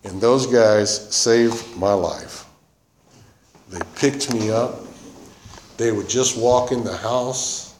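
A man's voice: medium pitch, slow, pauses often, a little mellow. A man giving a personal testimony in a loose, conversational way, circling back with "you know" and "man". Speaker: speaker sharing his recovery story. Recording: roomy echo with faint noise.

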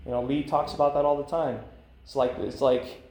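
A man in his thirties shares his personal story at a recovery meeting in a meeting room, speaking candidly and rambling with lots of fillers. His mid-range voice is warm and brisk with little pitch movement. The room sounds echoey, with faint ambience.

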